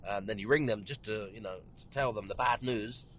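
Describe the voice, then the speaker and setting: A man's voice: on the low side, normal speed. A man hosting a podcast from his car, telling a story in a rambling way with many ums and frequent yawns. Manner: rambling, many ums, yawning between phrases. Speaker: podcast host. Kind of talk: casual storytelling monologue. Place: inside a parked or moving car. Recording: dull lo-fi car recording, faint road noise.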